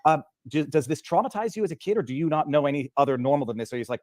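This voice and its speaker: Male co-host, rapid-fire questions, dry close sound. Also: a little high, lively intonation, no echo. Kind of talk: interview questions.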